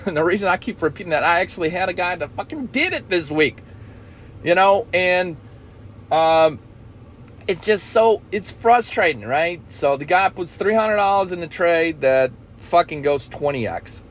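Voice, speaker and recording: A man's voice: high-pitched, lively intonation, normal speed, fairly bright tone, slight background noise. A man coaching traders in a blunt, profane talk, often checking in with "okay?". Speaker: trading coach.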